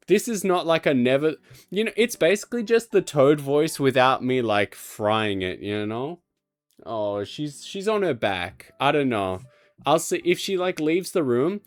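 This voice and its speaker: Slow-talking man streaming from home. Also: a little high. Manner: talks fondly to his cat between game chatter; rambling and self-mocking. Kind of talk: casual game stream chat. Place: home room.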